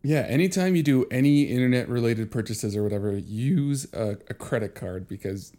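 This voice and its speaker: A man's voice: mid-range voice, moderate pace, dark tone. A man in casual conversation who gives blunt, profane advice. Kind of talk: casual chat.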